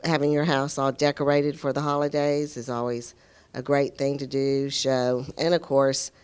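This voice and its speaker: A woman's voice: very deep voice, level tone, moderate pace, darkish tone, clean tone. A woman appearing as a real estate guest on a morning radio show, answering in a friendly, easygoing way. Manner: friendly, easygoing, laughs readily. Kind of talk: casual radio interview.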